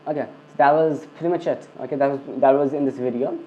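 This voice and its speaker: In a warm, mid-range voice at a quick pace, a man teaches coding via screencast. He often restarts his sentences and fills gaps with "okay" and "I mean." There's a little hiss or hum in the dull, lo-fi recording.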